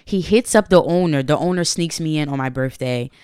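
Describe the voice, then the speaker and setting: A woman's voice: low voice, fairly quick, clear, resonant tone, dry recording, clean studio sound. A woman in her late twenties co-hosting a podcast, telling stories in a casual, playful, teasing way. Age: late 20s. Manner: animated storytelling, playful teasing. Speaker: podcast co-host. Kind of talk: casual chat.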